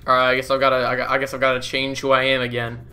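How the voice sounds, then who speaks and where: A man's voice: medium pitch, completely flat delivery, rapid-fire, sharp tone, soft background music. A young man giving casual, goofy commentary as he plays a game, laughing often and swearing casually. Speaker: gaming YouTuber.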